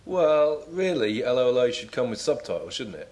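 A man's voice: mid-range voice, very animated, moderate pace, darkish tone. A man in his forties co-hosting a comedy chat with dry, mock-serious wit. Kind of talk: comedic banter.

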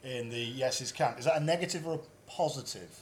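A man, co-hosting a comedy podcast with mock-serious, deadpan banter. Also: medium pitch, brisk.

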